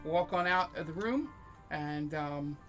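A man's voice: on the high side, takes it slowly, lo-fi sound, over music. A man running a tabletop role-playing game as game master, narrating hesitantly with many ums.

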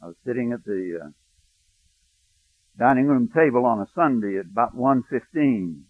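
A male pastor preaching a sermon, telling a personal story, hushed in tender moments and rising to emphatic preaching. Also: medium pitch, lively intonation, normal speed, dry recording. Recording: dry, thin phone-like sound.

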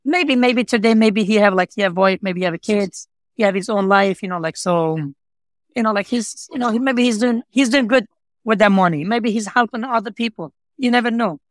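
A man's voice: high-pitched, brisk, no room sound. A man guest telling his personal story in earnest, non-native English with broken grammar, filling his talk with "you know, like" and repeating himself. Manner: earnest, repetitive, heartfelt. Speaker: interview guest, pizza shop owner.

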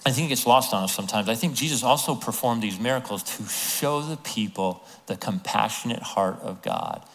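Animated pastor preaching in an echoing hall. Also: male voice, lowish voice, a little fast. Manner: animated storytelling, acts out voices of people in the story. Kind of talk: sermon. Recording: long hall reverb.

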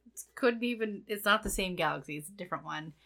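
An American woman recapping an episode with a friend, her voice swinging up and down with energy. Her tone is bright and clear. She jokes, swears and acts out the lines as she goes. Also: mid-range voice, animated, fast. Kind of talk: casual chat recapping a TV episode.

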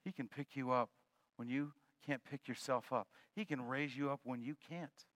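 A male pastor preaching a sermon in a loose, conversational and joking way, swinging between loud and soft. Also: mid-range voice, steady tone, moderate pace, no echo.

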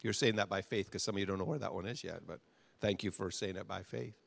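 A middle-aged male pastor preaching a sermon, repeating short phrases and swinging from quiet to loud. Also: deep voice, fast, creaky.

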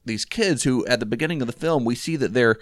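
A man's voice: mid-range voice, fast talker, no echo, clean studio sound. Rambling man discussing a film. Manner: rambling, many fillers and restarts. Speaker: podcast co-host.

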